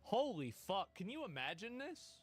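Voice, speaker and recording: A man talks over a clip he is watching, his voice high and swinging widely in pitch. He is crude and sarcastic, swearing freely as he mocks what he sees. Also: sing-song, normal speed, breathy edge. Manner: mocking, profane, sarcastic. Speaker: commentator reacting to bodycam footage. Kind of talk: crude reaction commentary.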